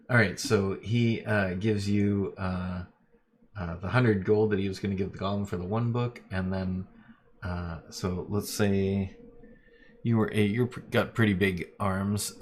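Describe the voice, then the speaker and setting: A man running a live-streamed tabletop game, his voice very low and full of gravelly fry. He narrates casually, with lots of "uh"s and quick laughs. A faint noise sits behind him. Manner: loose, lots of fillers, laughs easily. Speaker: game master.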